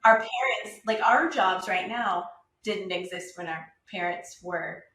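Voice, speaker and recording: A woman co-hosting a podcast, talking in a relaxed and reflective way. Her voice is mid-pitched and echoes around a roomy space. A faint hum sits behind her. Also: unhurried, recorded from a distance. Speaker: podcast co-host. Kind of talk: casual chat.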